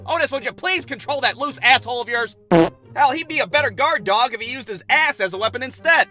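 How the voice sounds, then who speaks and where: A man's voice: extremely high pitch, fast, music in the background. A man in his thirties telling a crude, sarcastic comedy story as a scripted narration.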